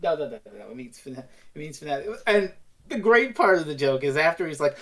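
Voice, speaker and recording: A woman co-hosting a casual review podcast, animated and swearing freely, acting out characters as she talks. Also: low voice, quick pace. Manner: animated, acts out characters in exaggerated voices. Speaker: podcast co-host.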